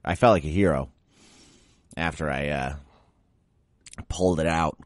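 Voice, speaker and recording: A man's voice: rumbling low, a little slow, no echo, studio quality. A young adult man hosting a pet podcast, grumbling and exasperated in a casual solo rant, feeling a bit sick after drinking. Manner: grumbling, exasperated, mocks baby talk. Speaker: podcast host.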